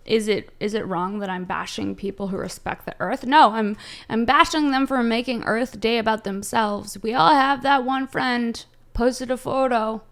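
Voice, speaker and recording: Brash, profane woman comedian with vocal fry. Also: medium pitch. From Southern California. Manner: brash, profane rants with sudden loud jumps. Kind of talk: casual chat, answering viewer questions.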